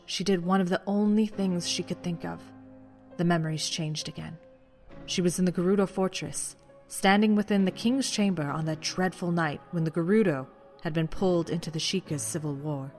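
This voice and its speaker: A man giving dramatic scripted audiobook narration, dropping to a hush at tense moments. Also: sits high.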